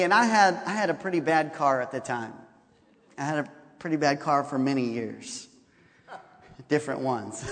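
A man with a high voice tells a story as a sermon, playing out each line of talk and laughing as he goes. His voice carries through a large hall with a long reverb. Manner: animated, laughing often, acts out quotes. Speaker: pastor.

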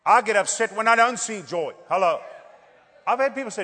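A middle-aged man preaching a lively revival sermon, jumping between loud declarations and quiet joking asides. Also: high-pitched, normal speed. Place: large church hall. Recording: church hall with long reverb.

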